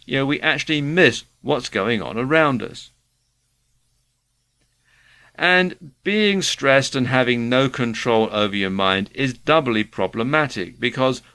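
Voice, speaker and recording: A man's voice: medium pitch, pushed and bright. A man giving earnest, conversational self-help advice to the viewer. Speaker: self-help video presenter. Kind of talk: motivational talk to camera.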